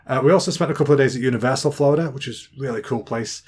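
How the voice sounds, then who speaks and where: A man's voice: mid-range voice, racing, darkish tone, breathy edge. A man in his thirties with an English accent, telling rambling, jokey stories as a podcast host. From England. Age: 30s. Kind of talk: casual storytelling monologue.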